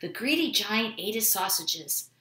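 A woman reading a children's storybook aloud at home, expressive and animated. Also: mid-range voice, measured pace, roomy sound. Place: home room with dogs.

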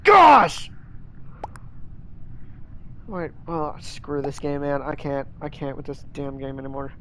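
A man's voice: mid-range voice, flat delivery, moderate pace, a little mellow, slight background noise. A young man streaming a game in casual chat, whining and ranting in exasperation, repeating his complaints.

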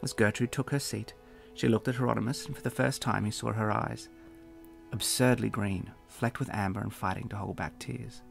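A man's voice: lowish voice, fairly even intonation, normal speed, creaky, soft background music. A man, the author, narrating a fantasy novel in a dry, wry storytelling manner. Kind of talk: audiobook narration.

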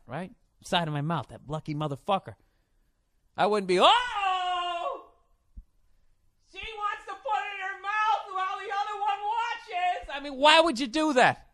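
A man hosting a podcast, telling a profane, rambling comedy story with loud, excited outbursts. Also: high-pitched, no room sound, clean studio sound. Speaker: podcast host. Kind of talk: casual comedic monologue.

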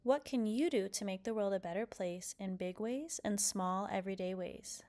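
A woman reading a children's picture book aloud, lively and expressive, then posing questions to young listeners. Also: mid-range voice, normal speed. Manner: expressive, lively character quotes. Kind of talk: read-aloud storytelling.

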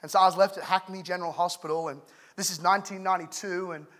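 A man's voice: high-pitched, quick pace. A man from England in his thirties preaching a humorous sermon, telling stories with jokes. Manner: joking, animated storyteller. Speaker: pastor.

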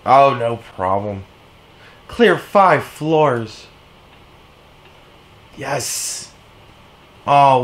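A man playing a video game and commenting as he goes, excitable, yelling and swearing at his units. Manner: reads in-game text aloud in a low, quiet voice. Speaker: let's play gamer.

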